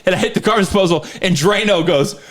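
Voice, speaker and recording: A man's voice: sits high, quick pace. A young man co-hosting a casual podcast, telling a rambling, profanity-laced story with sound effects. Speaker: podcast co-host. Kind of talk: casual chat.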